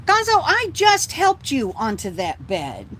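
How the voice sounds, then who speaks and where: Unwell, breathless slow rambling streamer. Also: sits high, wildly swooping pitch, fairly bright tone, a little hiss or hum. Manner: slow, meandering, sighing, swears casually. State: out of breath, feeling ill. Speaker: livestreamer chatting with viewers. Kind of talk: casual rambling live chat. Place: inside a bus living space.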